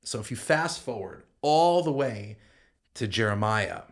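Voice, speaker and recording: A man's voice: mid-range voice, animated, measured pace. A man, a rabbi, explaining Bible passages in a podcast discussion, quoting Hebrew verses and often restarting his sentences. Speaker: rabbi co-host explaining scripture.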